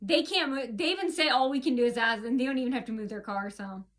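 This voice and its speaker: An American woman vlogs a casual complaint in a slightly high, fairly bright voice at a quick pace. She tells her story indignantly and ramblingly, restarting often.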